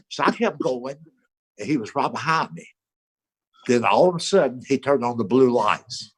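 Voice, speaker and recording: Husky older man telling a lively story. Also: mid-range voice, normal speed. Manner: animated storytelling, acts out voices. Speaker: comedy panel guest. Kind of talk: casual anecdote. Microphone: video call.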